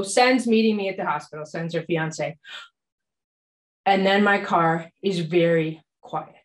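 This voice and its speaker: Animated woman telling a story onstage. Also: medium pitch, moderate pace. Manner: animated, acts out her own quoted panic. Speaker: doctor and practice manager. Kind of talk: live storytelling performance. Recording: echoey live venue.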